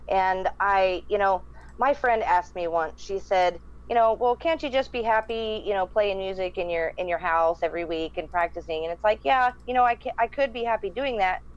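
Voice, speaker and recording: A woman musician as a podcast guest, speaking earnestly and haltingly with many fillers. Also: fairly low pitch, dull audio. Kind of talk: casual chat.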